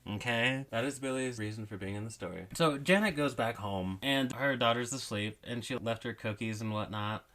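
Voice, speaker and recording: A man's voice: medium pitch, brisk, few pauses, a bit bright. A man giving a casual movie recap, rambling and correcting himself with wry asides. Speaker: movie reviewer.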